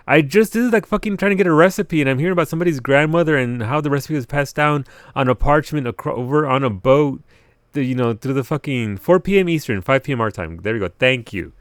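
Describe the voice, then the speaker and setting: A man's voice: mid-range voice, animated, fairly quick, no echo. A man chatting casually on a live game stream at home, rambling, swearing freely and laughing often.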